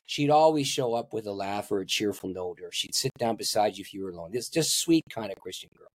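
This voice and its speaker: An older man, a pastor, telling a personal story in an interview and acting out the voices in it with big swings in pitch. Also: lively intonation, quick pace, no room sound. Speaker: pastor and guest.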